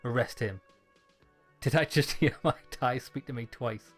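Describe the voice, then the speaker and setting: Guy reading game dialogue out loud with dry jokes, mid pitch, quiet game music under him. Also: a little slow. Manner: wry, joking asides between read lines. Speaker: gaming YouTuber. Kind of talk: let's play, reading game dialogue aloud with commentary.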